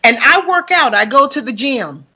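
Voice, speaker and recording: A woman's voice: high voice, animated, moderate pace, husky. A woman in her forties from Alabama with a Southern country accent, hosting a live broadcast in a chatty, upbeat way. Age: 40s. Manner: chatty, warm greetings to listeners, upbeat. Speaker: host and pastor. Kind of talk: casual live broadcast chat.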